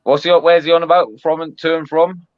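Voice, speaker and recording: A man's voice: a little high, level tone, brisk, no echo. Dry-humored man, muffled sound. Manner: dry, ribbing, restarts often. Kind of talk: casual banter.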